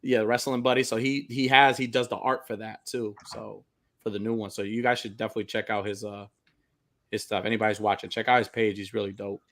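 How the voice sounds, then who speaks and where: A man's voice: on the low side, flat delivery, quick pace, a bit bright. Laid-back slangy podcast guy. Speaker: podcast co-host. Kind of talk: casual livestream chat.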